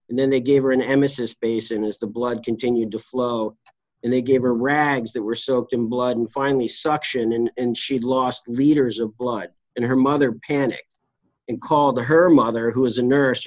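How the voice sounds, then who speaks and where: A middle-aged man, a trial lawyer and interview guest, telling his case stories in a blunt, salty, animated way. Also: medium pitch, normal speed, dry recording, lo-fi sound. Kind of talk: candid storytelling interview.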